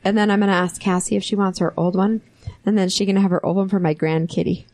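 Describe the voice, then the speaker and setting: A woman co-hosting a podcast, chatty and quick to react in casual conversation. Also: medium pitch, steady tone, darkish tone, no echo. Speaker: podcast co-host. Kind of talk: casual chat.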